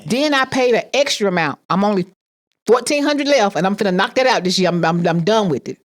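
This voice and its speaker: A woman's voice: medium pitch, animated, a little fast. A woman telling a personal story with emphatic repetition, acting out the people she quotes. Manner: emphatic, repeats phrases, acts out quoted voices.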